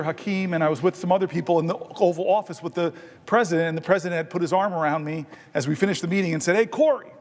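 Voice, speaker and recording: A man, a senator holding the floor, telling a personal story with self-deprecating humor in an extemporaneous floor speech in a large legislative chamber. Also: fairly high pitch. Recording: long chamber reverb.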